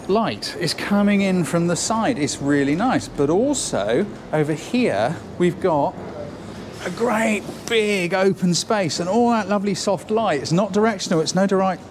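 Amid background noise, a high-voiced man gives an on-location photo lesson, chatty and encouraging as he thinks out loud while shooting. He starts outdoors and later moves inside a building.

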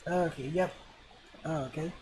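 A let's play gamer talking casually at a middling pitch, reading out the in-game dialogue and dropping dry, sarcastic remarks in between. They keep clearing their throat as a cold sets in, and a faint hiss sits under the voice. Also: rough recording. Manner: reads game dialogue aloud with sarcastic asides.

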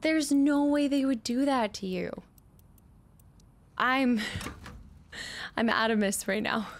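Her voice sits on the high side and moves at a slow pace. This woman streamer narrates her own play in let's play style, murmuring number combinations under her breath, talking with her viewers, and laughing a lot.

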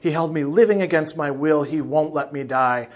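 A man's voice: on the high side, normal speed, lightly acted. A man reading the lines of a dying old village witch woman who begs to be freed. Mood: pleading.

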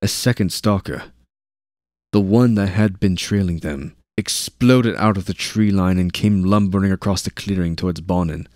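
A man reading a war novel aloud as narrator, with steady narration and shouted dialogue lines. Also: low voice, normal speed, no echo, studio quality. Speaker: audiobook narrator.

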